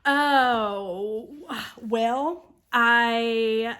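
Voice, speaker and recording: Bright, chatty middle-aged woman. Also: a little high, very slow, clear, resonant tone. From United States. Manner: chatty, laughs often. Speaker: co-host. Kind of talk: casual chat.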